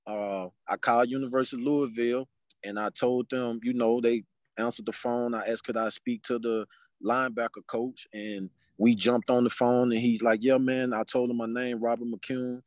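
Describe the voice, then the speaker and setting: Man telling a lively story, dry sound. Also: medium pitch, normal speed, dry recording. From Mobile, Alabama, US. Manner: animated, acts out dialogue in quotes. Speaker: podcast guest. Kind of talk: casual storytelling.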